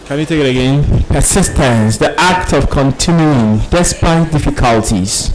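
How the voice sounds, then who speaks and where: A middle-aged man calling out words and giving feedback at a spelling contest, speaking slowly with many ums. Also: on the high side, lively intonation, poor audio. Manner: hesitant speech with many ums. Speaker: spelling contest pronouncer and judge. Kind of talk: reading out words, then closing remarks.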